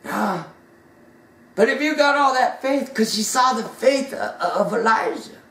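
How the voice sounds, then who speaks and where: A woman's voice: on the high side, animated, unhurried, a bit bright. A woman preaching a fervent sermon, repeating and stumbling over words, in an echoey room with the mic far off. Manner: fervent, stammering repetitions.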